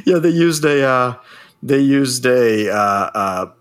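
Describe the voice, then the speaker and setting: Male podcast co-host, mid-pitched voice, jokey asides, lots of laughter and fillers. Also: expressive, slow, smooth. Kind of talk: casual film recap chat.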